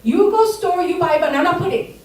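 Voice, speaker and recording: A woman putting on a shrill scolding mom. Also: fairly quick, roomy sound, distant mic. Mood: bossy. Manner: shrill, loud, broken English. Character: scolding immigrant mother, older woman, broken English.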